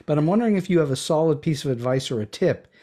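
A man hosting an interview podcast, asking his guest questions in a measured, formal way. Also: fairly high pitch, expressive, warm tone. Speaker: podcast host.

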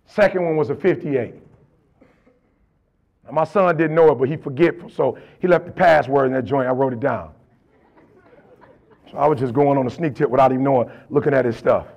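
A man's voice: medium pitch, a little fast, gravelly, long pauses, darkish tone, highs cut off. A middle-aged man and motivational speaker, telling stories in a colloquial, emphatic way. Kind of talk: storytelling motivational talk.

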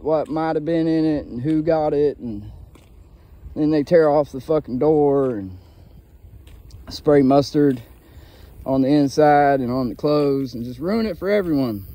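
A man's voice: on the high side, warm tone. A man from Ohio vlogging a casual, profane and meandering monologue, tired and a bit winded. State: winded from walking a bicycle uphill.

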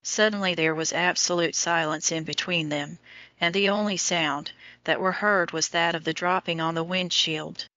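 A woman narrating a romance audiobook in a steady, even reading manner. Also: fairly low pitch, moderate pace, dry recording. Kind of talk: scripted narration. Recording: dull lo-fi dry audio.

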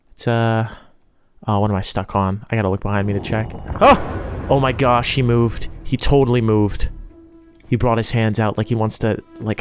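A man giving live gameplay commentary, jittery and talking himself through each scare. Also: on the low side. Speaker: gaming YouTuber.

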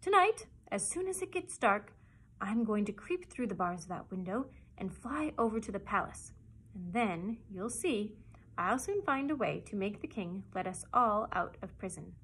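A woman's voice: medium pitch, lively intonation, moderate pace, fairly bright tone, a little hiss or hum, poor audio. Woman putting on Polynesia the clever parrot. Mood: scheming. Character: clever bossy female parrot.

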